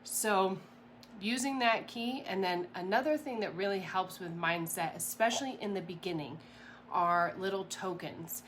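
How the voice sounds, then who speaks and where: Chatty, animated woman coaching. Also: mid-range voice, normal speed, a little hiss or hum. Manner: chatty and animated, rambling with fillers and laughs. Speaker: mindset coach. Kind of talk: casual motivational talk to camera.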